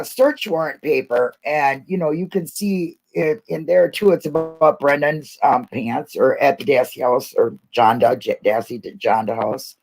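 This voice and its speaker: A woman's voice: deep voice, a little mellow, rough recording. A woman co-hosting a livestream in casual chat, rambling and joking and laughing often. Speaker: co-host of a livestream.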